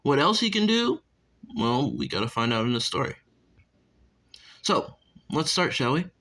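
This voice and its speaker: A man's voice: medium pitch, wildly swooping pitch, unhurried, a bit bright, low-quality recording. A young man casually improvising a fan story, rambling, cursing and breaking off to talk to his viewers. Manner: rambling and profane, with asides to viewers.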